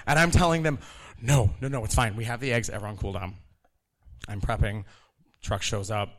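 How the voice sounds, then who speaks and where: Speaking at a normal speed with a fairly low pitch, a thirties-aged man recounts working in a kitchen before a live audience. He laughs and stays animated, performing the voices of those he quotes.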